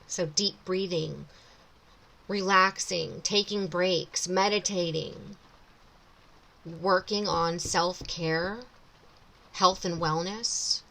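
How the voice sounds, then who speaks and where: Slightly low-voiced woman reading tarot cards. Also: steady tone, slow pace, gravelly, pauses often, sharp tone, rough recording. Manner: thinks aloud, circling back and rephrasing. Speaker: tarot reader. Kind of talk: intuitive tarot reading, casual monologue.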